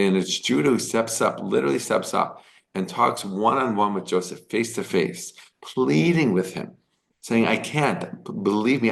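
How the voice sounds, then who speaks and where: A man's voice: on the low side, vocal fry. A man giving a casual, earnest Torah lesson, retelling the story with quoted dialogue and often asking "right?". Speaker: Torah teacher.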